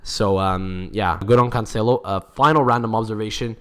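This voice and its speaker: A man's voice: on the low side, normal speed, fairly bright tone, smooth. A man co-hosting a casual football podcast, rambling with lots of restarts and swearing. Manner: rambling, many restarts, swears, laughs at own stories; reads Italian quotes and translates them. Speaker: podcast co-host.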